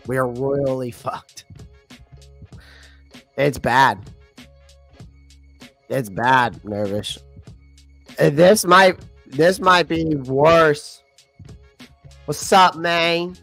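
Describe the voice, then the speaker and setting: A man's voice: mid-range voice, a bit bright. A young man hosting a casual livestream, blunt and frustrated, laughing often, and losing his voice. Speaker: livestream host.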